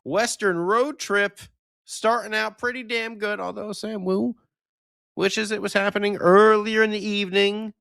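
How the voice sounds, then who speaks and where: A man's voice: sits high, fairly even intonation, unhurried, gravelly, fairly bright tone, clean tone, no room sound, studio quality. A man co-hosting a late-night live sports podcast, joking around and greeting chat viewers by name. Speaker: podcast co-host.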